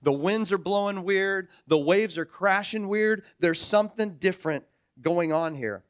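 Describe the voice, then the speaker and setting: A pastor in his forties with a high, bright-edged voice preaches a sermon. He tells stories with animation and acts out their characters. The recording is dry and close, with no room sound. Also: unhurried, dry recording.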